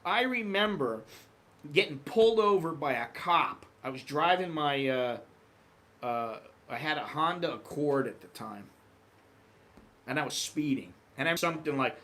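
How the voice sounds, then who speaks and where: A man's voice: a little high, a little slow, slight background noise. A middle-aged American man telling travel stories in a casual vlog monologue, acting out quoted voices. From United States. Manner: animated, acts out quoted voices. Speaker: vlogger.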